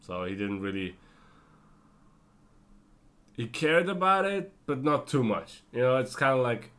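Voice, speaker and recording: A tired man giving a casual spoken TV review, rambling with lots of fillers and self-corrections and slipping into quick character impressions. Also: medium pitch, big pitch swings, fairly bright tone. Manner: breaks into brief character impressions. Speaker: TV show reviewer.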